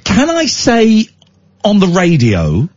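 Teasing radio host, lively pitch. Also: male voice, slow pace, highs cut off. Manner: animated, teasing, jokey. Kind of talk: casual radio chat.

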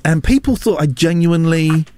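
A man's voice: fairly high pitch, animated, mellow, a little hiss or hum. A man presenting a radio show in casual banter, teasing his co-hosts and a caller with a playful, joking manner. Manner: teasing, playful, quick to joke.

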